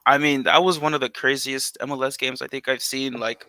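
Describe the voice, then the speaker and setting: A man's voice: mid-range voice, brisk, a little hiss or hum. A man co-hosting a casual podcast, talking animatedly with lots of "like". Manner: animated, heavy use of "like". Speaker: podcast co-host.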